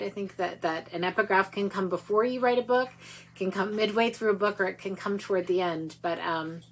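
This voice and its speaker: A woman author talking casually from her home through a computer mic, her voice sitting a little low. She is chatty and self-deprecating, with plenty of ums and small laughs. A faint hum runs under her voice. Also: poor audio. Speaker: author giving a reading. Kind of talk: casual talk at a livestreamed book reading. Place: at home, on a video stream.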